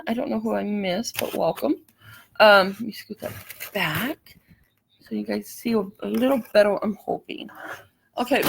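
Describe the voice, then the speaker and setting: Chatty woman with vocal fry. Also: mid-range voice, background noise. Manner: chatty, apologetic, greets viewers by name. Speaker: craft channel host. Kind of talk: live-stream craft tutorial.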